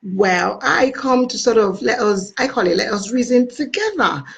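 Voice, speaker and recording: A woman's voice: a little high, expressive, normal speed, creaky. A woman with a Nigerian accent hosting a casual live stream, effusively greeting and thanking her viewers.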